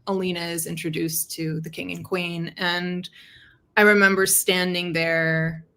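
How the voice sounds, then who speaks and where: A woman's voice: on the low side, little pitch movement, unhurried, pushed and bright. A woman author speaking in a casual interview over a video call, chatty and laughing often as she tells stories. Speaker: author guest.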